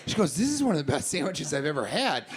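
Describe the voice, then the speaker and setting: A man's voice: on the high side, sing-song, fast talker. A male stand-up comedian in a small comedy club, riffing with mock-angry profanity at an audience member. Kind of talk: stand-up set with crowd work. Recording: live club recording with loud crowd laughter. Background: loud audience laughter.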